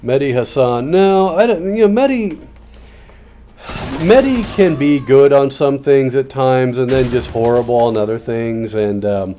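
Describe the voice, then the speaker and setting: A man's voice: medium pitch, a little slow, mellow, slight background noise. A man chatting loosely while playing a game, full of fillers and restarts, with sarcastic asides. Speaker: gaming commentator. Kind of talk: casual rambling commentary while playing a game.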